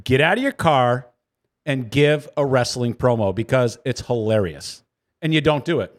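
A man's voice: mid-range voice, animated, moderate pace. Cohost guy joking around, fake ranting, plain mid voice. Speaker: podcast co-host. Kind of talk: casual chat.

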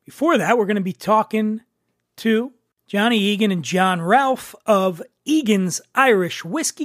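A man's voice: high voice, measured pace, fairly bright tone, no room sound, studio quality. A man hosting a podcast in a loose, jokey, rambling way, mocking himself as he introduces his guests. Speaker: podcast host. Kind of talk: casual podcast talk.

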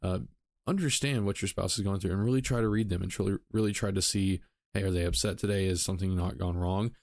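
A man's voice: low-pitched, fairly even intonation, fast, a little mellow, no room sound, studio quality. A man hosting a solo podcast, talking casually with frequent ums and self-corrections. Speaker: podcast host.

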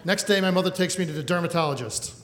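A man in his thirties telling a comic personal story live on stage, wry and animated. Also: high-pitched, fast talker. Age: 30s. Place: stage in a hall. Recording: echoey hall, faint noise.

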